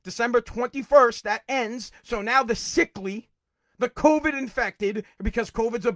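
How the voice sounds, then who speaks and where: A middle-aged man hosting a podcast, delivering a heated, profane political rant that sometimes rises to shouting. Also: extremely high pitch, normal speed, no room sound, studio quality. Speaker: podcast host.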